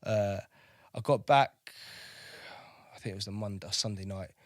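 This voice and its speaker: A man's voice: on the low side, moderate pace, no echo, clean studio sound. A man telling his service story candidly, swearing freely and often asking "do you know what I mean". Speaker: podcast guest, navy veteran.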